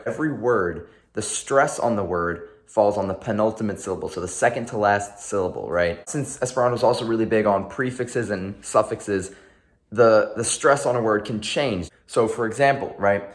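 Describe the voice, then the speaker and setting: A man hosting a language lesson from his home, in an upbeat, chatty and frank way. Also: lowish voice. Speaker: host of a language lesson series. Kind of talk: casual lesson and outro.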